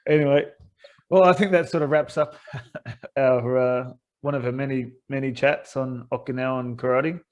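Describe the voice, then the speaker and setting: A man's voice: medium pitch, fairly even intonation, normal speed, darkish tone, highs cut off. A man hosting a podcast, telling stories in a casual, rambling way and laughing often. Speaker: podcast host. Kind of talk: casual chat.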